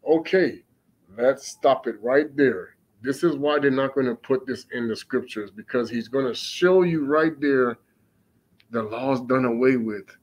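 A man preaching on scripture. He reads archaic passages aloud slowly, then breaks off to comment emphatically and fire off rhetorical questions. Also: medium pitch, rough recording. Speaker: religious teacher.

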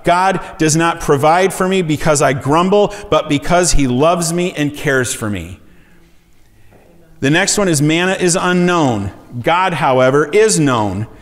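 A man's voice: a little high, expressive, measured pace. Man preaching in a reverberant hall. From USA. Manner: conversational, asks the congregation questions. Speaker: pastor. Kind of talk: sermon teaching. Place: church sanctuary.

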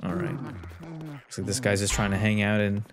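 A man's voice: fairly low pitch, monotone, fast, crowd noise. A man who hosts a gaming channel, giving joking, sarcastic let's play commentary. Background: game music.

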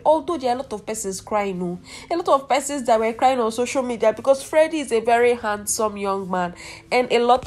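Young Nigerian woman, gossip vlog host, chatty and exclamatory, mid-pitched. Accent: Nigerian English. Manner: chatty, exclamatory, addresses viewers as "my dear". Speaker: celebrity gossip vlogger.

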